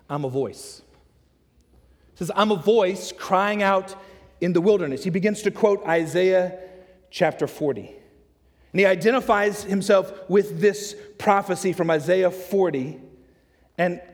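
A man preaching a sermon, acting out the questions and answers of the story with lively energy. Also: medium pitch. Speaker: pastor. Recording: long hall reverb.

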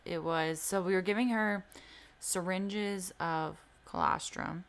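A woman's voice: fairly low pitch, steady tone, slow, gravelly. A young woman telling a personal story in casual podcast chat, candid and swearing freely, full of "like" fillers. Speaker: podcast co-host.

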